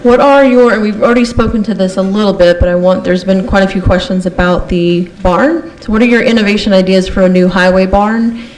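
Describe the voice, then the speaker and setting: A woman moderating a candidates forum, reading questions clearly and apologizing readily. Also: mid-range voice, fairly even intonation, a little fast, a little mellow, a little hiss or hum, poor audio.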